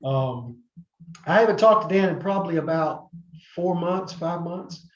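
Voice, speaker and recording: A middle-aged man tells long stories as a podcast guest, rambling with fillers and restarts. His voice sits fairly high for a man. The sound is roomy and a little muffled. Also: measured pace. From North Carolina, USA. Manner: rambling, many fillers and restarts, acts out quoted people. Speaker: podcast guest, former wrestler. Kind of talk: casual interview storytelling.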